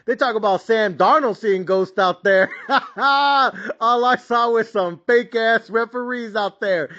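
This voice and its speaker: A man hosting a sports betting podcast, ranting in a loud, brash, profanity-filled style and repeating his catchphrases. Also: sits high. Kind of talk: profane hyped podcast rant. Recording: dull lo-fi audio.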